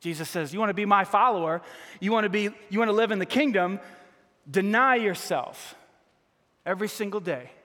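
Brief: male pastor, high voice, animated preacher who leads call-and-response, long reverb. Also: a little fast. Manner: animated, calls for congregation to repeat lines. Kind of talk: sermon.

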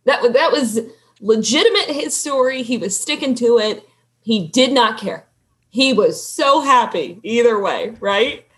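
A woman telling a story as a podcast guest, animated and laughing as she acts out what people said. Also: a little high, measured pace. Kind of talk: casual storytelling.

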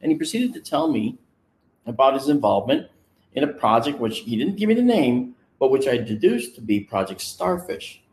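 A man casually telling a personal story in an animated way, acting out the voices of the people he quotes. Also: mid-range voice, normal speed, reverberant. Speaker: guest recounting a personal experience. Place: on location, indoors.

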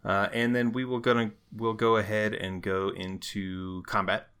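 A low-pitched man runs a tabletop game, narrating scenes and explaining rules in a relaxed manner full of "uh" and "um". His voice has a bright, forceful edge. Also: moderate pace, clean tone. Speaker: game master.

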